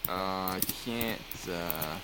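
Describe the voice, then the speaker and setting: A man's voice: sits low, very slow, background noise. A man hosting a podcast, joking in casual comedy chat and swearing freely. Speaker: podcast host.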